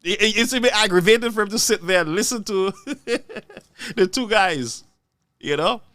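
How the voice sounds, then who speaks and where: A man's voice: high-pitched, moderate pace, no room sound. A man giving live political commentary, laughing often and repeating words for emphasis. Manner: animated, laughs often between phrases.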